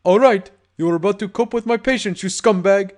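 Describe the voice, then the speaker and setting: A man's voice: high-pitched, fairly quick, a little mellow, voice pushed up, lightly acted. A man voicing a menacing, crude male pony gangster in a fan audiobook, taunting and swaggering. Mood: furious.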